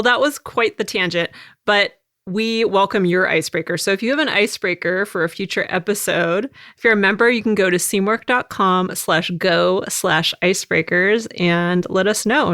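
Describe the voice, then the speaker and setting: A woman's voice: medium pitch, moderate pace, fairly bright tone, dry recording, clean studio sound. An American woman hosting a podcast in casual chat, laughing often as she talks. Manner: laughs often while talking. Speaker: podcast host.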